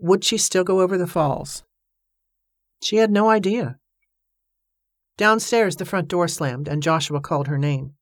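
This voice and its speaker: A woman narrating an audiobook in an even, measured reading voice. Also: fairly low pitch, dry recording, clean studio sound. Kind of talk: scripted narration.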